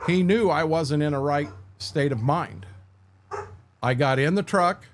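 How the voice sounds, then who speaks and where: A man's voice: fairly high pitch, measured pace, a little hiss or hum. A middle-aged man, chatting casually on his livestream at home, telling rambling, candid stories and answering viewers by name. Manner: rambling, candid storytelling, frequent restarts, answers chat by name. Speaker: livestream host.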